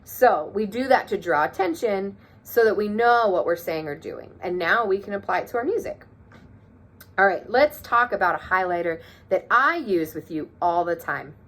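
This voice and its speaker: A woman's voice: medium pitch, a bit bright. A woman teaching a music lesson to children, encouraging them and counting rhythms aloud.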